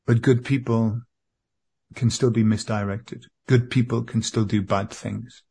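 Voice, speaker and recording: A man in a therapy session, speaking earnestly to an empty chair with halting, repeated phrases. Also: mid-range voice, fairly even intonation, gravelly, dark tone, husky. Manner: earnest, repetitive, halting with restarts. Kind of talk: emotional spoken address to an empty chair.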